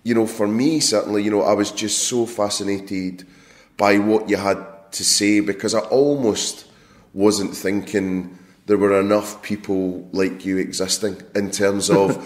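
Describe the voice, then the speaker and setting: A man's voice: lowish voice, steady tone, unhurried. A man hosting a food marketing podcast, chatting enthusiastically with plenty of fillers. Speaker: podcast host. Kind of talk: casual podcast interview.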